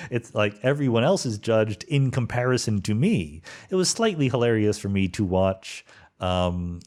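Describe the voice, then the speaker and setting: A middle-aged man from suburban Philadelphia hosting a solo podcast, answering listener questions in a thoughtful, rambling way with fillers and self-corrections. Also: sits low.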